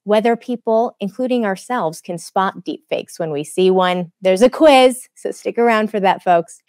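A woman hosts a tech podcast, friendly and quick to laugh, sometimes restarting a sentence mid-thought. Her voice sits at a middle height and sounds dry and close on a studio mic. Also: mid-range voice, darkish tone, dry recording. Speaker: host. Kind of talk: conversational tech podcast hosting. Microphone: studio microphone.

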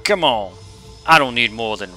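A man's voice: mid-range voice, expressive, normal speed, bright, forceful tone, soft background music. A man hamming up a brash explorer with a put-on Aussie drawl. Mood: bewildered. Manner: exaggerated hammy reading.

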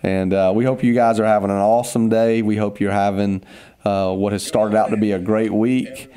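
A man's voice: on the low side, flat delivery, moderate pace, warm tone, smooth. A man, a pastor giving a casual, upbeat devotional talk on a podcast, teasing his co-host, then turning earnest.

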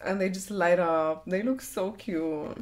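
A woman hosting a music reaction video, chatting casually in a bubbly, gushing way with high exclamations. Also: a little slow. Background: song playing in the background.

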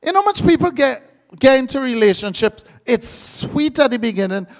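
A man's voice: very high voice, lively intonation, normal speed. A man preaching a live sermon, joking and quizzing his congregation. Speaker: pastor.

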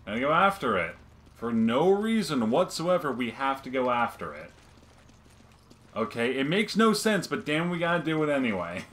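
Man, gameplay banter host, teasing and cursing, lively pitch. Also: normal speed. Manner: joking, swearing, teasing. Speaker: let's play host. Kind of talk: casual gameplay chat.

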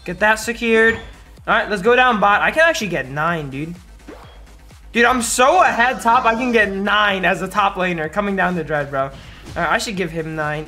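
A hoarse man streaming a game, giving hyped, trash-talking live commentary to his chat. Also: high-pitched, bright, forceful tone.

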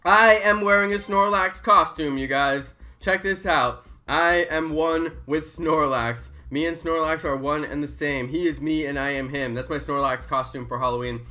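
A man in his thirties chatting casually and excitably on a live stream, often hyping and chanting. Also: on the high side, moderate pace, hardly any pauses. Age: 30s.

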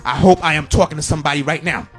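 A man's voice: on the high side, racing, over loud music. A middle-aged male pastor from Haiti preaching a sermon at a church service, emphatic and repetitive, breaking into sung phrases and call-and-response.

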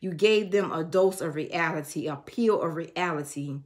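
A woman's voice: sits low, normal speed. A woman giving an emotional tarot reading to her viewers. She speaks in a preachy way and breaks into snatches of songs. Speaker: tarot reader.

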